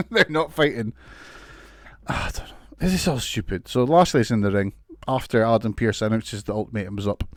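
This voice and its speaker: A man's voice: on the low side, fairly quick, no echo, studio quality. A man giving a casual, sweary, sarcastic recap of a wrestling show, laughing often.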